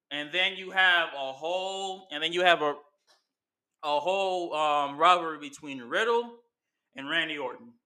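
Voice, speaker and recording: A man's voice: a little high, pushed and bright, clear, resonant tone. A man hosting casual commentary, rambling through his ideas with lots of fillers and restarts. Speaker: wrestling commentary host.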